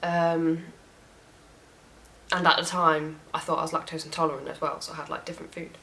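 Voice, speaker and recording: Young woman, lowish voice, casual storytime rant, swears freely, animated. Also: a little fast, poor audio. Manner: frank, swears often, animated retelling. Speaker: vlogger.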